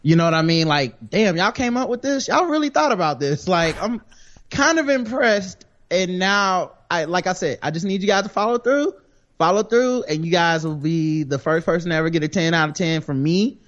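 A man chatting as a podcast guest, animated, joking and slangy. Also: a little high, normal speed, highs cut off. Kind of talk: casual podcast banter.

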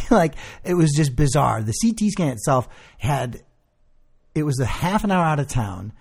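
A young man telling a long story in casual chat, animated and swearing, acting out the people he quotes. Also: a little high, moderate pace, gravelly, husky.

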